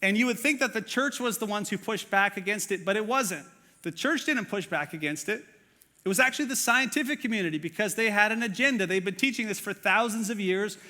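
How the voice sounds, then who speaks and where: A man's voice: sits high, sharp tone, long reverb tail. A man preaching a sermon as pastor, earnest and conversational, with many fillers and questions to the congregation. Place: church auditorium.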